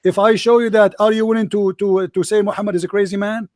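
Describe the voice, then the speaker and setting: A man's voice: high voice, little pitch movement, fast talker, a little mellow, no echo, clean studio sound. A man arguing hard in a religious debate, mocking and repeating himself. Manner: combative, mocking, repeats phrases.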